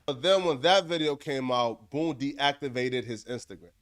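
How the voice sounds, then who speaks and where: A man's voice: medium pitch, normal speed, fairly bright tone. A man narrating commentary in an earnest, apologetic way.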